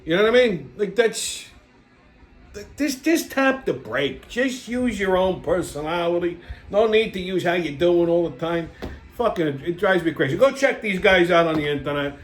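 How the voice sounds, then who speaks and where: A man's voice: sits high, animated, moderate pace, soft background music. A man from Brooklyn with a New York accent, rambling bluntly through a casual, profane monologue as the channel's host. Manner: rambling, blunt, heavy swearing, lots of fillers.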